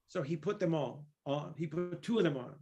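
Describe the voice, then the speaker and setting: A man's voice: fairly high pitch, expressive, a little fast, mellow, slight background noise. A man from East Los Angeles, a guest percussionist, telling rambling anecdotes in a casual interview, laughing now and then. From East Los Angeles, California. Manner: rambling anecdotes with many fillers and restarts, laughing while telling stories.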